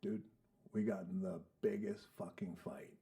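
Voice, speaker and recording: A man's voice: on the low side, flat delivery, measured pace, gravelly, mellow. A man in his fifties, a podcast guest telling stories in a casual, profane way and acting out the voices of people he quotes. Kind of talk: casual storytelling chat. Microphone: studio podcast mic.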